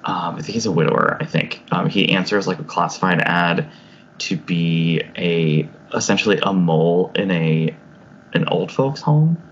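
Man, podcast guest, casual chat, hesitant, gravelly, dull lo-fi sound. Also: low voice, normal speed, slight background noise. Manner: hesitant, hedging, many fillers.

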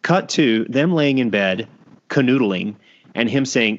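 A man's voice: mid-range voice, lively intonation, measured pace. A man hosting a casual chat, retelling scenes bluntly with dry asides. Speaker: podcast host. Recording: dull lo-fi sound.

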